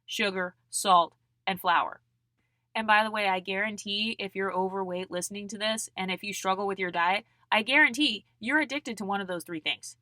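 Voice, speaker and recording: A woman's voice: mid-range voice, normal speed, bright, forceful tone, dry recording. A young woman hosting her own channel, giving a blunt, mocking and profane monologue to the camera. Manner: blunt, mocking and profane, mimics people in put-on voices. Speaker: channel host.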